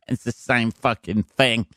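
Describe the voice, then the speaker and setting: A man's voice: mid-range voice, fairly bright tone. A man hosting a comedy podcast alone, ranting sarcastically and swearing constantly, slipping into mocking voices. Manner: sweary, sarcastic, mimics voices mid-rant. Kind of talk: solo comedic rant.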